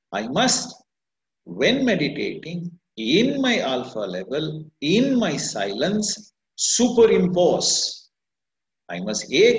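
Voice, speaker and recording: A middle-aged man, teaching meditation in an earnest, self-questioning way, with rhetorical questions. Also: fairly high pitch. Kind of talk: reflective spoken teaching. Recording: echoey, dull lo-fi room sound.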